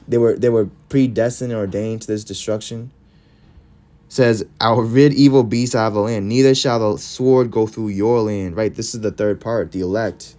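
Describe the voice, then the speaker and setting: Low-voiced man preaching from scripture. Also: fairly even intonation, normal speed, mellow. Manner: reads verses aloud then comments in short emphatic phrases. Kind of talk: scripture-reading sermon.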